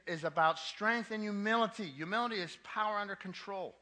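A man's voice: on the high side, lively intonation, fast talker, hardly any pauses, sharp tone. A man preaching a sermon to a young adult ministry, emphatic, with casual asides, and repeating his key points twice.

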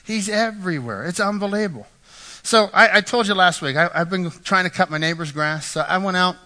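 Middle-aged male pastor, crisp bright tone, chatty anecdotal preaching, church reverb. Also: high voice, fairly quick. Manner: animated, self-deprecating anecdotes with frequent "right?" asides. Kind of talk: storytelling sermon. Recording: echoey hall reverb.

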